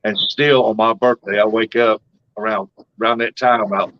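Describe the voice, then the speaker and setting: A man's voice: lowish voice, fairly even intonation, normal speed, lo-fi sound. A man taking part in a casual stream chat, plainly recalling a family memory.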